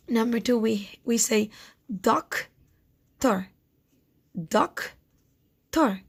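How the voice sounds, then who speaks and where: A woman teaching first graders phonics in a recorded lesson, patiently repeating each word so children can count its syllables. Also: a little high. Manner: slow, patient, repeats words to sound out syllables.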